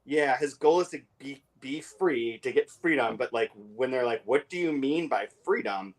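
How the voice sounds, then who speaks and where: Co-hosting a casual book discussion podcast, a man talks with lots of fillers and restarts and reads passages aloud quickly. His pitch is medium, his intonation lively.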